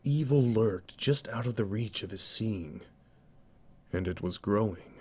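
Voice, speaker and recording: A man reads a novel aloud in a practice run on a live stream. His voice sits low and his pace is very slow and deliberate. Now and then he stops to correct himself. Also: expressive, darkish tone, husky. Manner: slow, deliberate reading with occasional self-corrections. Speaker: audiobook narrator.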